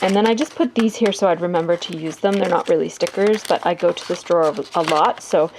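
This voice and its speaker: A woman's voice: on the low side, noisy background. A woman giving a casual tour of her home craft room, chatty and rambling with lots of fillers. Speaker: crafting vlogger.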